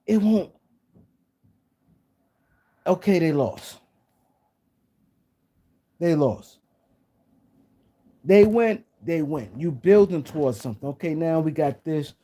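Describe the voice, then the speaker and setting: Here the same host chats about sports on a casual live stream in a mellow, warm voice that runs a little high. He wanders off and keeps coming back to the same points, sometimes turning aside to talk with people in the chat.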